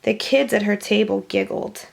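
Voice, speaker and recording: A woman reading a children's picture book aloud, pausing to explain words for children. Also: mid-range voice, steady tone, vocal fry. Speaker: storybook reader.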